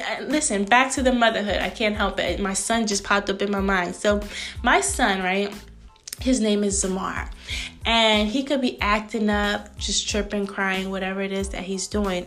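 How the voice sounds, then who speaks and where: A woman in her thirties hosting a faith-based business podcast, speaking in a lively, preachy way and calling her listeners sis. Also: medium pitch. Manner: animated, frequent laughs, acts out greetings. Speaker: podcast host.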